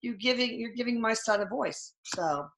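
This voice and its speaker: A woman hosts a casual chat, chatty and quick to poke fun at herself. Her voice sits fairly high and is bright, with lively swings in pitch. The room around her is echoey. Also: a little hiss or hum. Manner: chatty, self-mocking, animated. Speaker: host.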